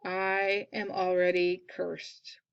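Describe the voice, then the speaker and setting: Lady doing a stern storybook dark lord, flat curt denials, really slow, dry close sound. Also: on the low side, gravelly, clear, resonant tone, dry recording, muffled recording. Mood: gloomy. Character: stern armored male dark lord, proud and humorless. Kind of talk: reading a picture book aloud.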